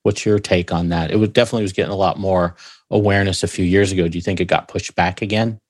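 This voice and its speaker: A man's voice: deep voice, steady tone, fast, no room sound, studio quality. A man interviewing a guest, asking loose, rambling questions.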